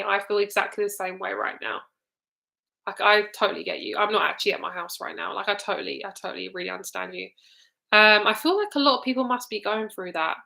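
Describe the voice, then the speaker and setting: A woman's voice: mid-range voice, creaky, bright, forceful tone. Chatty young woman giving a live card reading. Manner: casual, chatty, swears freely, trails off with ums. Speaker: tarot reader.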